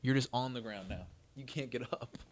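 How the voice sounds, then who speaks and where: A young man co-hosting a casual podcast, laid-back and quick to laugh. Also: mid-range voice. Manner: laid-back, laughs often, says "bro" and "dude". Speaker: podcast co-host.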